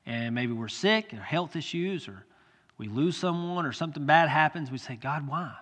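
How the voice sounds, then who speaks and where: A male pastor preaching a sermon with earnest, direct address that swells into loud pleading. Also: fairly high pitch, animated, moderate pace. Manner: earnest, rises to loud pleading when quoting. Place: church sanctuary. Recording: long church hall reverb.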